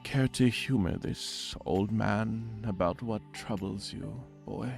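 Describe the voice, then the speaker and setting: A man voicing a frail, hooded old man who speaks in a slow, half-whispered hush. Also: fairly low pitch, vocal fry, faint music behind, voice pushed up. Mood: hushed, mysterious. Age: older.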